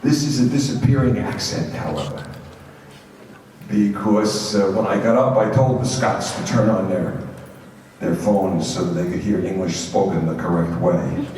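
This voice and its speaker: A man with a strong Brooklyn accent talks to a student audience in an informal, storytelling way, often restarting on repeated words. His low voice comes from a distant microphone and carries a long hall echo. Faint noise sits underneath. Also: normal speed, darkish tone. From Brooklyn, New York. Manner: conversational and anecdotal, with frequent repeated words and restarts. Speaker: university president giving a guest talk to students. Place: large echoey school hall.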